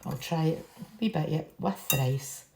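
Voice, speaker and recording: A woman with a low, gravelly voice chats her way through a home cooking vlog. She rambles and laughs at herself. The kitchen sounds echoey, with pots and pans clattering behind her. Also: animated, moderate pace, background noise. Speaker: home cook.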